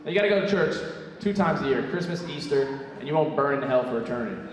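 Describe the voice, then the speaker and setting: A man's voice: mid-range voice, lively intonation, fast talker, slight background noise. Young man, stand-up comedian, profane, brash, echoey hall, distant from the mic. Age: young adult. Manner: brash, profane, tosses in asides like "right?". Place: theatre stage before a live audience. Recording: echoey theatre hall from far off.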